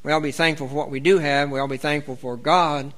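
Male preacher, bright, fairly high voice, earnest and rambling, reads scripture aloud. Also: fairly even intonation, fast talker. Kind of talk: sermon.

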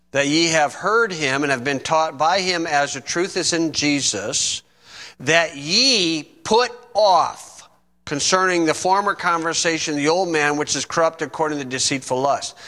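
Slow, bright-voiced preacher in a hall. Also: male voice, on the high side. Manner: slow, measured scripture reading with folksy asides. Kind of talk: sermon. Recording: long reverb in a hall.

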